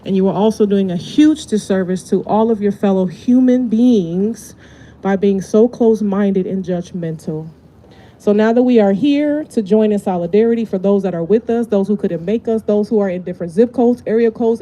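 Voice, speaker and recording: A woman's voice: medium pitch, warm tone. A woman giving a fiery rally speech outdoors at a protest, leading the crowd in call-and-response chants. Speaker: protest speaker. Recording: faint outdoor noise.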